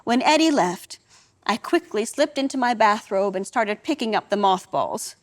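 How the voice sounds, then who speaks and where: A woman's voice: mid-range voice, animated, moderate pace. An older woman performing a wry, dramatic storytelling monologue on a theatre stage.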